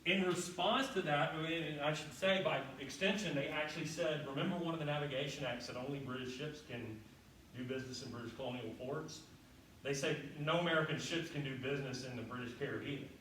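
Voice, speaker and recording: A male history professor lectures in a loose, salty way, throwing rhetorical questions at the class. His voice sits a bit high and is picked up from across a very echoey room with a faint hiss behind it. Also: brisk, a bit bright. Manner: casual, salty asides and rhetorical questions to students. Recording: very echoey room, far from the mic, faint noise.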